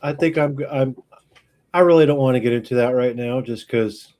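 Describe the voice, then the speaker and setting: A man's voice: medium pitch, moderate pace, mellow. A man co-hosting a casual podcast, easygoing and blunt, often restarting his sentences. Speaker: podcast co-host.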